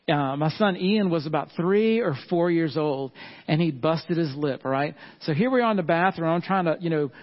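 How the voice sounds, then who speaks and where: A middle-aged pastor preaches in a folksy, conversational way and keeps checking in with his listeners. His voice sits a touch high for a man. The sound is dull and lo-fi. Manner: folksy, frequent asides to the congregation. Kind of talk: sermon.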